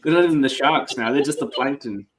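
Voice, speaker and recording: A man's voice: medium pitch, fast talker. A man co-hosting a podcast, chatting casually through a reality show recap, swearing freely and restarting his sentences. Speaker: podcast co-host.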